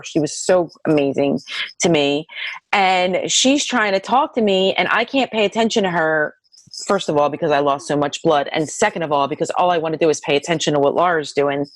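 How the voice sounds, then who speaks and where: A middle-aged woman telling her own near-death story in an interview, lively and full of "like" fillers. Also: no echo. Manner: lively, acts out dialogue in high voices, many "like" fillers.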